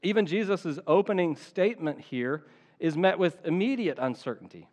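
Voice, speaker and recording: A man's voice: a little high, animated, a little mellow, in a large hall. Earnest man preaching a sermon. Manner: earnest, emphatic, stretches key phrases slowly. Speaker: pastor.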